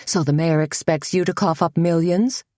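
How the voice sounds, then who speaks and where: A woman's voice: lowish voice, moderate pace, warm tone, dry recording, studio quality, lightly acted. A woman voicing Greg, a flamboyant male hairdresser who teases in a theatrical way. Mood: teasing. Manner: teasing, theatrical. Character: flamboyant, teasing man hairdresser.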